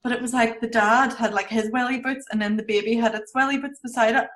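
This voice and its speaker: A woman guest on a podcast, chatting casually and telling stories in a lively way, laughing easily. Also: a little high, fast. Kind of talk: casual chat.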